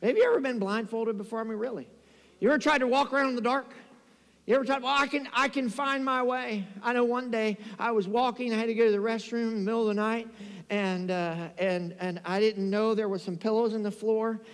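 Pastor guy preaching, real high voice, lively stories, church hall echo. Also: quick pace. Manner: animated storytelling preacher, calls for amens. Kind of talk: sermon. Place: church sanctuary.

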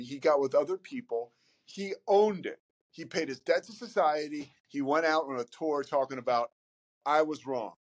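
A man talking casually as a podcast guest, animated and rambling, often repeating words as he starts a thought. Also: a little high, husky. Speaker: podcast guest, sports broadcaster. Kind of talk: casual conversation.

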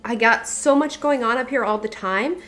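A woman's voice: fairly high pitch, normal speed, fairly bright tone, slight background noise. A woman co-hosting a podcast, chatting casually and frankly, swearing freely and joking around. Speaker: podcast co-host.

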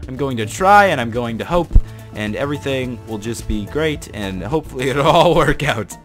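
Excitable young guy giving game commentary. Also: medium pitch, normal speed, soft background music. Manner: excitable, jumps into panicked shouting. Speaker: gaming channel host. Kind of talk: gameplay commentary.

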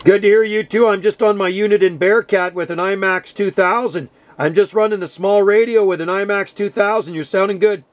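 A man's voice: high-pitched, fairly even intonation, fairly quick, hardly any pauses, slight background noise. A man working a CB radio contact, friendly and repeating call signs over the air. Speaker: CB radio operator.

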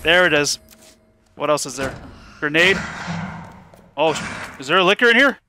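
A man giving live commentary while playing a horror game, excitable, swearing and yelping at scares. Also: on the high side, moderate pace, noisy background.

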